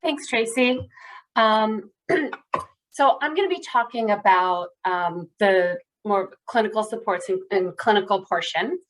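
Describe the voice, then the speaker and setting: A woman's voice: medium pitch, takes it slowly, a bit bright, low-quality recording. Earnest woman clinician presenting. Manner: earnest, with frequent "right?" tag questions. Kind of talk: webinar presentation.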